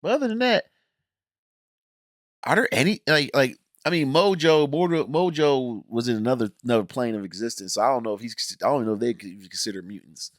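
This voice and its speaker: A man's voice: medium pitch, a little fast, no room sound. Guy ranting about a show, fed up and blunt, dry close mic. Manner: animated, exasperated, slangy and blunt. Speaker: video reviewer.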